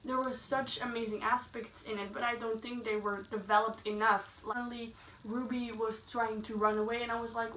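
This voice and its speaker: A woman giving a chatty, casual spoken book review, full of "like" fillers and animated asides. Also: fairly high pitch, a little fast. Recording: echoey room, slightly distant mic, faint noise.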